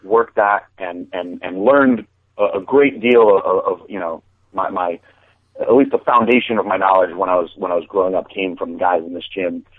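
A man's voice: low voice, steady tone, moderate pace, dry recording. A man in a casual podcast chat, telling a long story and often restarting his sentences. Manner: rambling, repeats words when starting sentences. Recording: dry, phone-like call audio.

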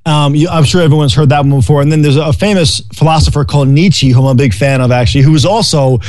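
A man's voice: a little high, fast talker, darkish tone, no room sound. A man casually riffing on life and happiness, rambling and swearing freely, laughing often. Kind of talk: casual philosophical chat.

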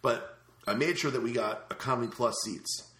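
A man telling a story in casual podcast chat, animated and acting out the other people's lines, swearing casually. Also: medium pitch, normal speed. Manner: animated, acts out quoted voices, swears casually. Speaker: podcast host. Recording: roomy echo.

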